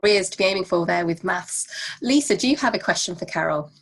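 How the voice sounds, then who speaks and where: A woman hosting a question-and-answer session, with brisk, upbeat link lines between guests. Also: fairly low pitch, husky. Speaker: host.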